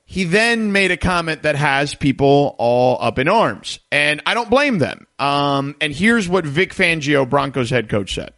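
Animated male sports radio host. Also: fairly high pitch. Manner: animated, many "uh" fillers, quick promo reads. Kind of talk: call-in sports radio talk.

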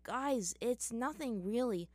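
A young boy, anxious and pleading, voiced by a woman. He begs his friends to stop and asks for time, softly and a little slow. The reading is dry and close. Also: on the high side, expressive, no echo, pitched above the performer's own voice.

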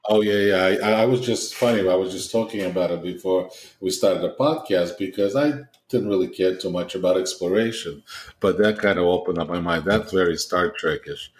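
A man's voice: low-pitched, a little fast, slight background noise. A man co-hosting a gaming podcast, chatting casually and rambling a bit with lots of fillers. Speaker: podcast co-host. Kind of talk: casual chat.

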